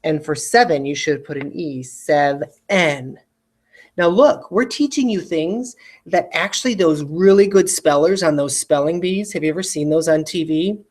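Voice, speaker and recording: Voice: mid-range voice, expressive, moderate pace, darkish tone. An adult spelling teacher giving a recorded video lesson, patiently repeating each word twice and checking in with students.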